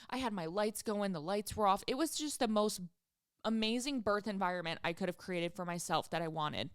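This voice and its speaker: Woman in her 30s telling her story on her podcast, smooth clear voice, swears a lot, very dry close sound. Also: medium pitch, brisk, no room sound. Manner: candid and emphatic, swears freely. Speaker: podcast host. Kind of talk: casual storytelling.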